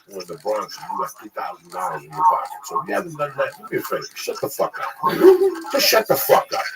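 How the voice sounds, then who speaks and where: A man rants on a podcast, swearing constantly and jumping between loud outbursts and low asides. His voice is gravelly with a lively, swinging pitch. He sounds far from the mic, with heavy noise behind him. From New Jersey / New York area. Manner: loud, swearing, combative, animated. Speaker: podcast host. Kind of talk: profane ranting podcast chat.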